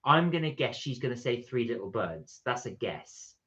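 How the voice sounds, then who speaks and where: A man's voice: medium pitch, very animated, moderate pace, pushed and bright. A man co-hosting a live stream, chatting casually and reading viewer comments aloud. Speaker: livestream co-host. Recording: dull lo-fi stream audio.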